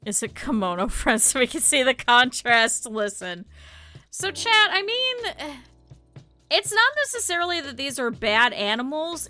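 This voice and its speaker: A woman streamer chatting casually to her live chat, blunt and swearing freely, with lively quoted asides. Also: fairly high pitch.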